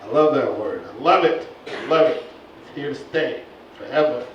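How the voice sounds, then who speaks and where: A man doing a stand-up comedy set on a club stage, animated, with his voice jumping high for punchlines. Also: moderate pace, background noise. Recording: echoey club, far-off lo-fi recording.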